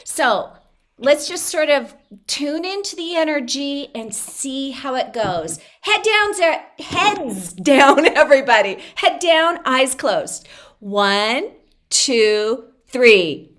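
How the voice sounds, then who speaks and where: A woman with a high voice talks slowly and playfully over a video call, leading an online improv game. She is bubbly and laughs easily, drawing words out for emphasis. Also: expressive, a bit bright.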